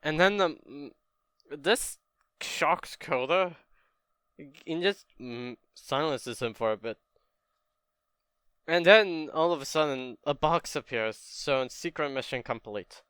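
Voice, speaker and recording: Young man, casual fan-story retelling, slow pace, bright clear tone. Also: fairly high pitch, expressive, no echo, clean studio sound. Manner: laid-back, chatty.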